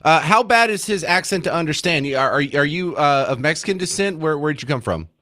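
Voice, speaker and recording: An older man hosting a call-in radio show in a studio, loud and animated, with big swings in pitch. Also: a little fast. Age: older, has granddaughters. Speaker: radio talk show host. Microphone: studio microphone.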